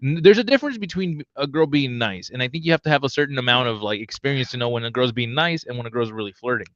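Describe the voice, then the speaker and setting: A man co-hosting a casual podcast chat, joking and animated. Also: mid-range voice, fast, no echo, lo-fi sound. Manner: joking, animated, slips into mock voices. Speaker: podcast co-host.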